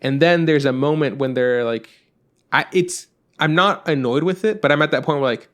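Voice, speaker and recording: A man's voice: on the high side, moderate pace. Chatty rambling man co-hosting a podcast. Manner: rambling, animated, swears and acts out quotes. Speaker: podcast co-host. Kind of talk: casual chat.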